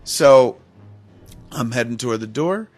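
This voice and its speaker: He's a middle-aged man spinning a long tale on a podcast, swearing freely and poking fun at himself. His voice swings up and down with lively ups and downs, sitting at an ordinary middle pitch. It's recorded dry and close, with faint music under him. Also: unhurried, dry recording. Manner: profane, animated, self-mocking. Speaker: podcast host. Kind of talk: casual storytelling chat.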